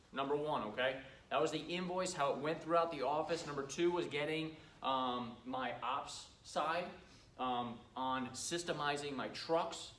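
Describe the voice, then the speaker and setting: A middle-aged man with a somewhat high voice talks shop to a live audience, chatty and anecdotal. He sounds set back from the mic in a reverberant room. A faint hum sits underneath. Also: fairly bright tone, far from the mic. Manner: chatty storyteller who acts out customers' lines. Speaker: cleaning business owner giving a talk. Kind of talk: casual training talk to a live audience.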